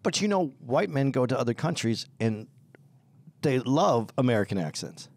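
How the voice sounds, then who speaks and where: A man's voice: mid-range voice, very animated, moderate pace, darkish tone. A man co-hosting a podcast, talking casually and hesitantly, often repeating his words. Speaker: podcast co-host. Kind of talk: casual chat.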